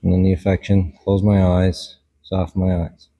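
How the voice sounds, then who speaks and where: A man gives a dog training lesson as he works with the dog, calm and instructive, with short commands. His voice sits fairly low and sounds a little husky. A long reverb trails after his words. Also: moderate pace. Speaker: dog behaviourist. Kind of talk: hands-on training demonstration.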